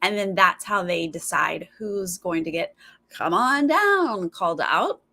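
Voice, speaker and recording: A woman's voice: lowish voice, steady tone, normal speed, creaky, sharp tone. A woman hosting a live stream, chatting casually with viewers and mimicking other people's voices in her stories. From Los Angeles. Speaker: live stream host reacting to a TV show.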